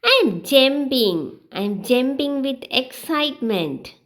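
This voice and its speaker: A woman with a high, lively voice reads simple example sentences for beginners. She takes them slowly and clearly, in a sing-song way. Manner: slow, clear, sing-song reading of drills. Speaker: English teacher.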